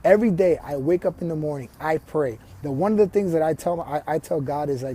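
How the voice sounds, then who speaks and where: A man's voice: on the high side, brisk, hardly any pauses, mellow, a little hiss or hum. A man working as a life coach, giving a motivational vlog monologue straight to his viewers, earnest and often restarting or repeating words.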